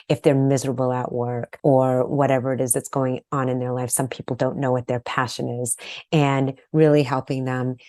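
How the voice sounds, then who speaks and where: A woman's voice: very deep voice, a little mellow, dry recording, studio quality. A woman hosting a podcast interview, speaking emotionally and encouragingly. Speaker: podcast host. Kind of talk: podcast conversation.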